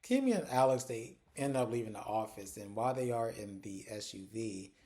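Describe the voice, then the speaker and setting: A man casually recapping a TV drama episode, chatty and animated, acting out the characters' lines as he goes. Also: fairly low pitch, normal speed. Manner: casual, uses "like" and "y'all" a lot. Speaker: TV recap host.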